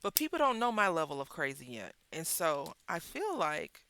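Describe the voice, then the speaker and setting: A woman hosting a crafting video, telling a story in a chatty, animated way with wry asides while she works at her craft table. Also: low-pitched, normal speed. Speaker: craft channel host.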